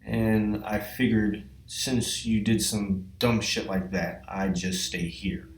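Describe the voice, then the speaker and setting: A man's voice: fairly low pitch, little pitch movement, slow pace, reverberant, distant mic, voice pushed down. A man voicing a smug male groundhog who lazily squats in someone's house.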